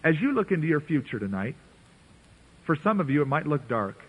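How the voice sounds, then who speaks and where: A man's voice: on the high side, big pitch swings, brisk, breathy edge. A man preaching an earnest, conversational sermon, playfully voicing biblical characters as he reads. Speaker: pastor. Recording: tinny phone-like radio broadcast.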